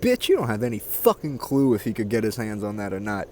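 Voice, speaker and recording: A man's voice: lowish voice, sing-song, fast, a little mellow. A man vlogging outdoors near water, ranting casually, crude and mocking, swearing constantly. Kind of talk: casual profane rant to camera.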